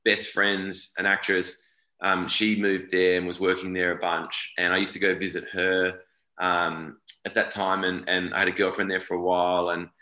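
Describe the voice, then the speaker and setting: A man's voice: deep voice, monotone, normal speed, sharp tone, echoey room, low-quality recording. A man in his forties with an Australian accent, chatting loosely as an actor being interviewed, often repeating and correcting himself. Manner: rambling, self-correcting, repeats words. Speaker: actor guest. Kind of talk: casual interview chat.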